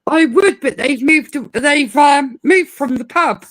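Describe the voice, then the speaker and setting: A woman in casual chat, telling animated stories about a cheeky parrot and imitating its swearing. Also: sits high, takes it slowly, dry recording, low-quality recording.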